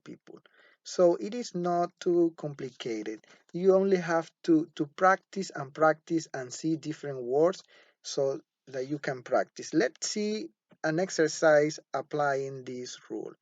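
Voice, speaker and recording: Slow, patient phonetics teacher. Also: mid-range voice, a little mellow, dry recording. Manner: patient, repeats words and asks "okay?" often. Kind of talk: classroom lecture. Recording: dull lo-fi dry recording.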